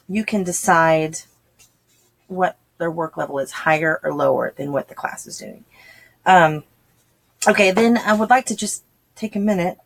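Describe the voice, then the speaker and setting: A woman's voice: on the low side, gravelly. A woman, talking casually and chattily to homeschooling parents, acting out quoted voices as she explains. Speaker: homeschool channel host.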